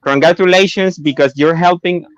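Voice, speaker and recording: A man's voice: fairly high pitch, fairly even intonation, normal speed, clean tone, no echo, dull audio. A man who works in a call center, speaking as an interview guest and hesitating as he searches for his words. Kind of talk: casual interview advice.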